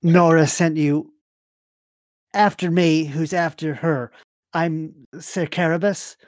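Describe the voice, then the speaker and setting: A man voicing a weak, bedridden male knight who speaks slowly and with strain. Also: fairly high pitch, level tone, dry recording, pitched above the performer's own voice. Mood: weary.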